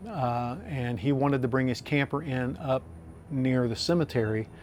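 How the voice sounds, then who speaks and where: An older man, speaking at a middling pitch. He tells his story earnestly and at length, often pausing on "uh" as he goes. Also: a little mellow, a little hiss or hum. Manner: earnest, drawn-out storytelling with many uh fillers. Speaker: landowner interviewee. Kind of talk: storytelling interview.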